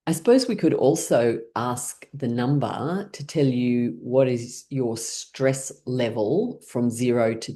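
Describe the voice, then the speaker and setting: A middle-aged woman leading a laughter yoga class, calmly and playfully guiding the group. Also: very deep voice. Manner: calm, gently guiding, playful. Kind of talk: guided class instruction.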